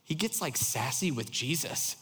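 A man preaching a sermon, telling stories in an animated, chatty way full of fillers. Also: a little high, normal speed, breathy edge. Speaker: pastor. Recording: long hall reverb.

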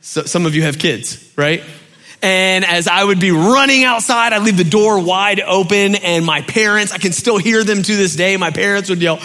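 Animated pastor, bright voice. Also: male voice, on the high side, normal speed. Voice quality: animated storyteller, acts out shouting parents. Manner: conversational with many fillers, drops soft for key points. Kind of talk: sermon.

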